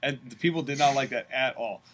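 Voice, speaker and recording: A man co-hosting a podcast in casual chat, opinionated and animated when he retells events. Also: medium pitch, brisk. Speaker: podcast co-host.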